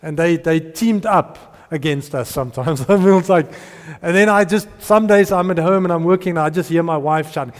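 A middle-aged, Afrikaans-born South African pastor preaches a sermon in a fairly high, animated voice at normal speed with few pauses. He stumbles over repeated words, repeats himself, chuckles between points, and sometimes drops to hushed tones. A long reverb carries his voice through a large hall.

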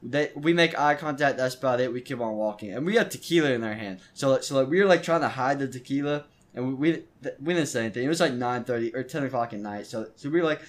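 A man's voice: mid-range voice, quick pace, few pauses. A teenage boy hosting his own podcast, telling a story in a loose, rambling way with lots of stumbles and restarts. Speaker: podcast host. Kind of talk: casual storytelling monologue.

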